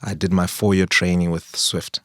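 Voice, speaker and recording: A middle-aged man from Zimbabwe co-hosting a podcast, telling stories in a measured, careful way. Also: low-pitched, flat delivery, no room sound, clean studio sound. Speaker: podcast co-host. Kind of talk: casual chat.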